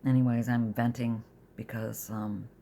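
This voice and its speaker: A woman's voice: very deep voice, little pitch movement, a little slow, dark tone, a little hiss or hum. A middle-aged woman venting in a casual vlog from her bed at home, rambling and confessional, sometimes sinking to a near-whisper.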